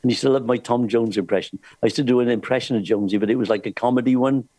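A man's voice: medium pitch, very fast, no echo. Chatty man telling stories. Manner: lively storyteller, laughs often, acts out voices in his stories. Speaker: cruise ship singer and entertainer. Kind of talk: casual anecdote-telling.

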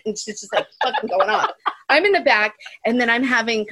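A woman's voice: on the high side, sing-song, moderate pace, fairly bright tone, breathy edge. A woman telling a rambling, laughing story in casual chat, swearing freely. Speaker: guest musician.

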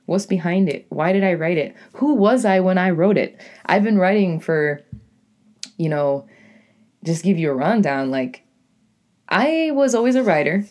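Raspy low-voiced New England woman. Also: animated, measured pace, a little mellow. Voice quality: deep and raspy. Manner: rambling, lots of "like" and "you know", self-correcting. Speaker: podcast host and poet. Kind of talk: casual solo podcast monologue.

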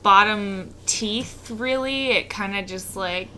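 Woman co-host, slow-talking, bright tone, giggly and hesitant. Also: mid-range voice, a little hiss or hum. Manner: laughs a lot, hesitant with many fillers. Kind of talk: casual chat.

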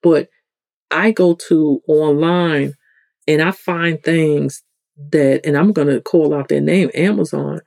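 New York-accented spiritual host, loose chatty teaching, warm tone, dry recording. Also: fairly even intonation, slow, gravelly, no echo. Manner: conversational, rambling, with frequent restarts; acts out quoted people with sudden pitch jumps. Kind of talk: casual spiritual teaching talk.

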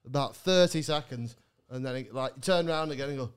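A man's voice: medium pitch, a little fast, clean tone. A young man, a podcast co-host, telling a rambling story in casual chat, laughing and swearing, with many false starts.

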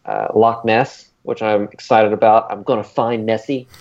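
A man with a fairly low voice chats casually as a podcast co-host. He rambles and keeps filling gaps with ums and uhs. The recording sounds dull and lo-fi. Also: fairly even intonation, moderate pace, creaky, darkish tone. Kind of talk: casual chat.

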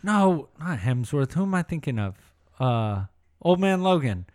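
Joking man with a slightly high voice. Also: sing-song, unhurried, a little mellow. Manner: joking, playful interjections. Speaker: podcast co-host. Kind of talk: casual chat.

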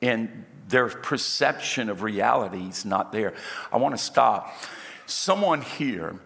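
Animated preacher in a reverberant hall. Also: male voice, fairly low pitch, slow, gravelly. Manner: animated preacher, acts out dialogue and jokes with the crowd. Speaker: pastor. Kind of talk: sermon. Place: church auditorium.

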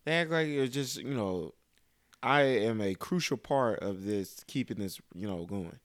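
A man talking frankly and profanely in casual chat, animated as he vents. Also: lowish voice, measured pace, no room sound, clean studio sound.

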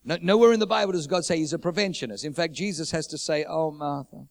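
A man's voice: a little high, fast talker, gravelly. A man preaching a sermon, repeating his phrases for emphasis and building urgency.

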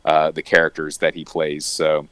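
A man's voice: very deep voice, completely flat delivery, moderate pace, a bit bright, no echo. A young man co-hosting a casual podcast chat, enthusiastic and laughing often as he recounts favourite scenes. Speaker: podcast co-host.

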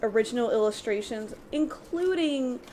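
A woman's voice: on the high side, expressive, moderate pace, warm tone, a little hiss or hum. A woman co-host in a casual panel chat who explains stories at some length.

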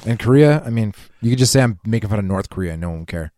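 A man's voice: on the low side, lively intonation, rapid-fire, mellow, no echo, studio quality. A man co-hosting a casual podcast chat, teasing and joking with frequent swearing. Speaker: podcast co-host.

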